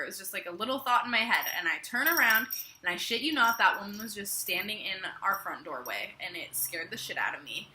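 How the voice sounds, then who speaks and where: A woman's voice: medium pitch, brisk, pushed and bright. A young woman telling a personal story to the camera in a casual, chatty way, with lots of filler words. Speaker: vlogger. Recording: echoey room.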